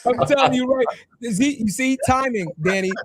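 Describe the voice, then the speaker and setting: A man with a markedly high voice, co-hosting a podcast interview. He jokes with the guest and lays out his points emphatically, using loose, casual phrasing throughout. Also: moderate pace, a little hiss or hum. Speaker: podcast co-host.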